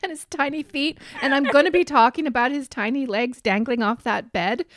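A woman's voice: high voice, fairly quick, a bit bright, no room sound, studio quality. A woman co-hosting a podcast, chatting casually about reality TV in a blunt, mocking, profane way and laughing often. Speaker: podcast co-host.

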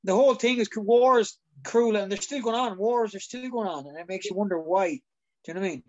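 A man's voice: sits high, fast, highs cut off. A man chatting casually as a podcast co-host, blunt and swearing, often checking that he's understood. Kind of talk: casual chat.

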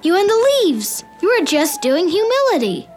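A woman's voice: extremely high pitch, big pitch swings, moderate pace, a little mellow, soft background music. A woman voicing a boastful, pushy schoolboy in a children's audio drama. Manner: pushy, self-important.

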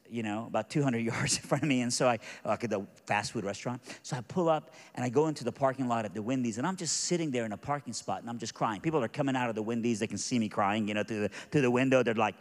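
A middle-aged man preaching a sermon as a personal story, animated and stumbling over restarts as he builds excitement. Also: mid-range voice. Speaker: pastor. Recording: long hall reverb.

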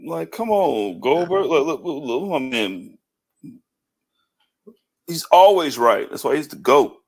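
A man's voice: on the high side, very animated, takes it slowly, gravelly, slightly rough. A man co-hosting a wrestling podcast in casual chat, ranting and joking with lots of swearing. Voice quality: loud, swearing, joking rants. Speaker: podcast co-host.

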